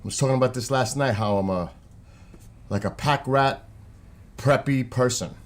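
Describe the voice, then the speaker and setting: A man's voice: medium pitch, normal speed. A man with a New York accent, chatting casually and rambling to his viewers on a live stream.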